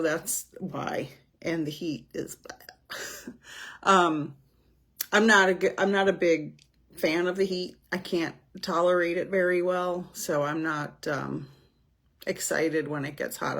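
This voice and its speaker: Slow-talking woman chatting on a livestream. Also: fairly low pitch. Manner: slow, rambling, with many "um"s and greetings to viewers. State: slight headache from the heat. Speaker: psychic medium hosting a livestream. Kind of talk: casual livestream chat with viewers. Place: indoors in Florida. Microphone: camera.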